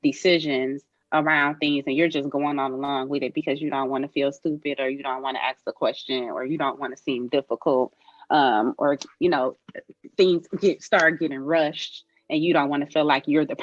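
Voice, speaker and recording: A woman's voice: low-pitched, fairly even intonation, a little fast, dry recording, lo-fi sound. A woman doula speaking earnestly and reassuringly in a roundtable discussion, with frequent fillers.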